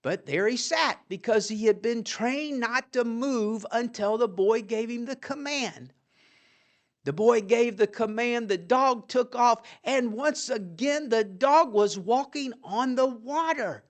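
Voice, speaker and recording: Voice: mid-range voice, slow. Folksy inspirational storyteller.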